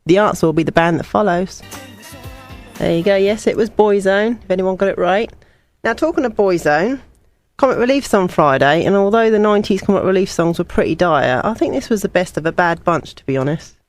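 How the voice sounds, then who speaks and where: A woman's voice: mid-range voice, expressive, brisk. Chatty woman radio DJ. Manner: chatty, personal asides between songs. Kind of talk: student radio show presenting.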